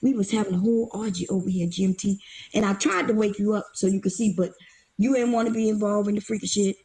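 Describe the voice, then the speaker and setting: A woman's voice: mid-range voice, quick pace, dark tone, slightly rough. A woman guest on a livestream, talking brashly and teasingly with lots of cursing, a bit out of breath. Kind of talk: casual livestream chat.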